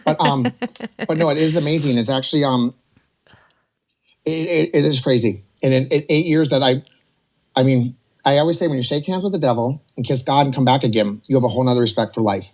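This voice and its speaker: Man, 40s, fast pace, animated, rambling storyteller, podcast guest. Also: mid-range voice. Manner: animated, rambling, jumps between quoted voices. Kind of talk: casual storytelling.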